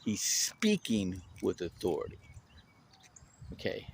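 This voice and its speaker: A man talking casually on his own channel, an animated storyteller who restarts his sentences often and stresses his points. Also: low voice, slow, gravelly, slight background noise.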